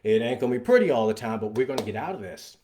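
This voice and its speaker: A man, a father, giving an energetic and emphatic motivational talk about fitness and getting unstuck. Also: mid-range voice, racing, a little hiss or hum. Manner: energetic, emphatic, acts out scenes in voices.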